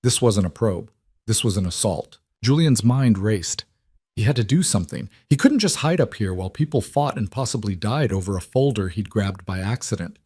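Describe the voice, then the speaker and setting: A man giving tense, measured scripted audiobook narration of a crime thriller. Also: lowish voice, lively intonation, a little mellow, breathy edge, no echo, clean studio sound.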